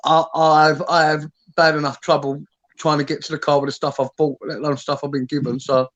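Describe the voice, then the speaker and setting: A man's voice: on the high side, level tone, a little fast, fairly bright tone. A man from the UK in casual, blunt banter, swearing freely as a podcast host. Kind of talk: casual chat.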